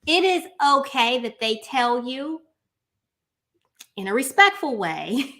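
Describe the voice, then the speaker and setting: A woman's voice: sits high, big pitch swings, slow, bright, forceful tone. A woman, hosting a casual chat, playful and emphatic, often laughing at herself. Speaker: host.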